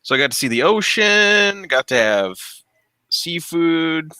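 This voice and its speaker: A man's voice: fairly high pitch, sing-song, unhurried, pushed and bright, smooth, dry recording. A man streaming while he works, chatting casually, rambling, laughing often and trailing off as he searches for words. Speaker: streamer fixing printers. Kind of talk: casual chat. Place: home workshop.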